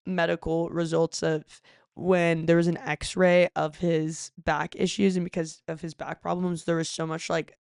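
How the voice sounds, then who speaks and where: A young guest on a podcast, talking casually and bluntly, joking and swearing as they go. The voice has a gravelly edge, yet stays smooth and clear. The sound is close and dry. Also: mid-range voice, flat delivery, a little slow, darkish tone, no room sound.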